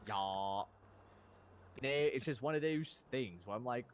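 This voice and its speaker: A man's voice: medium pitch, expressive, measured pace, clean tone. A young man telling a rambling, slangy story in character while role-playing on a stream.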